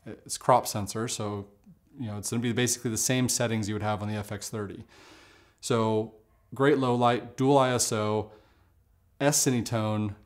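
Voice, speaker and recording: A man talking casually in a camera review vlog, relaxed and conversational, with lots of fillers and asides. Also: on the low side, normal speed.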